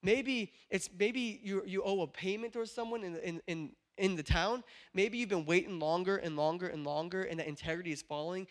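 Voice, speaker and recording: A young adult man preaching a sermon in church, talking in an earnest way and at times rising into passionate shouting. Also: high-pitched, moderate pace, few pauses. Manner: builds from quiet earnest talk to passionate shouting. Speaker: pastor.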